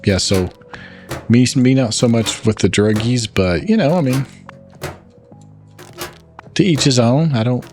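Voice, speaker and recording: A man's voice: medium pitch, a little slow, pauses often, a little mellow, soft background music. A man with a Southern US accent from Arkansas, chatting casually while explaining game controls in a let's play. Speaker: gaming channel host.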